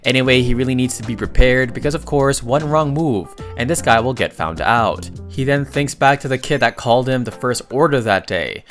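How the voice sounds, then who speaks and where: A man's voice: mid-range voice, moderate pace, hardly any pauses, faint music behind. A man narrating a comic recap in a casual, chatty way, with jokey asides and the odd stumble.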